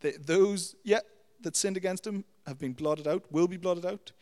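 A young adult man preaching a sermon, teaching with lively storytelling and checking in with "okay?" and "you know". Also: high-pitched, normal speed. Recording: long hall reverb.

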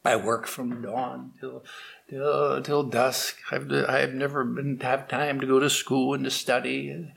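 Man playing a humble poor ferryman, quiet, hesitant, apologetic. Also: medium pitch, level tone, takes it slowly, vocal fry, heavily acted. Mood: meek.

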